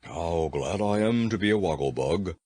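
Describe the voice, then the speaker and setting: Man voicing a pompous giant insect, low smug voice, lilting, storybook reading. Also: expressive, moderate pace, a little mellow. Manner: smug, self-satisfied.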